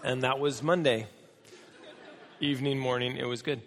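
A man's voice: medium pitch, steady tone, normal speed, crowd noise, background noise. A middle-aged American man, a pastor, telling a chatty, self-deprecating story in a sermon, his voice cracking now and then. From United States. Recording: long hall reverb.

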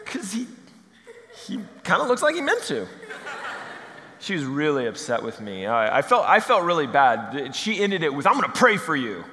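A male pastor preaching a sermon, telling stories with a joking, animated manner. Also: on the high side, normal speed, big-room sound.

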